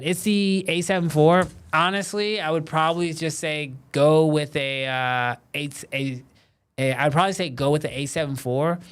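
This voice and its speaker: Smooth-voiced man hosting a casual live stream. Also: a little high. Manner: relaxed and conversational, many fillers like "um" and "like". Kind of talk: casual live-stream chat answering viewers.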